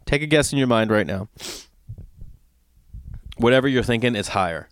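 In a clean, echo-free studio recording, a middle-aged man from around Los Angeles recounts a long, frustrating story, cursing frequently and performing both parts of the conversation. His mid-range voice keeps a normal speed but includes long pauses.

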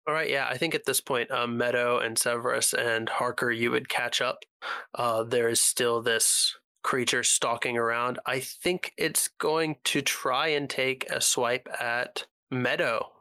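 A man running a tabletop role-playing game, describing the scene in an easy, measured way. His voice is bright and smooth, and the close mic gives a dry sound. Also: mid-range voice, no echo. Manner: relaxed, measured, with frequent fillers. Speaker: game master.

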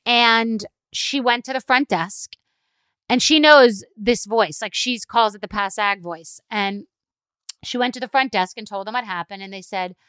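A middle-aged woman hosting a podcast, ranting animatedly and mocking a calm, whispery customer-service voice. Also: medium pitch, unhurried, clean tone, no echo. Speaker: podcast host. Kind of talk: solo ranting podcast talk.

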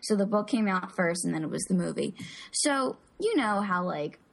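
A woman co-hosting a relaxed podcast, chatting at length. She rambles through her story with many fillers and restarts. Her pitch sits in an ordinary middle range. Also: normal speed, creaky. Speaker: podcast co-host. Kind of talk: casual chat.

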